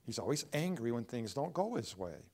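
A man preaching a sermon in a church, swinging between loud emphatic lines and hushed ones. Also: medium pitch, very animated, moderate pace. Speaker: pastor.

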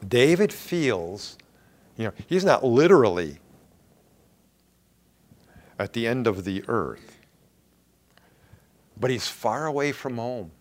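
A middle-aged male pastor preaching a sermon in an earnest, emphatic way with dramatic pauses. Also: mid-range voice, big pitch swings.

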